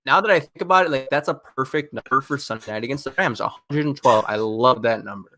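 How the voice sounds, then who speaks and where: A man co-hosting a podcast, ranting in an animated, exasperated way during casual chat. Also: mid-range voice, fast, no room sound. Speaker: podcast co-host.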